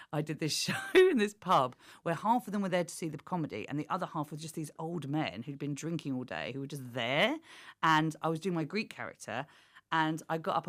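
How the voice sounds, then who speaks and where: A woman in her forties, a comedian guest on a chat podcast, who tells stories in a lively way, laughs often and acts out what people said. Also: deep voice.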